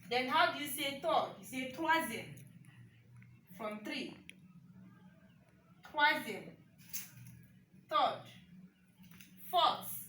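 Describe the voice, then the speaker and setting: Woman teacher, bright voice, patient and repetitive, frequent "okay?" check-ins, recorded at a distance. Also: high-pitched, expressive, drawn-out words, pauses often, reverberant, slight background noise. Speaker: French teacher. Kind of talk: online language lesson.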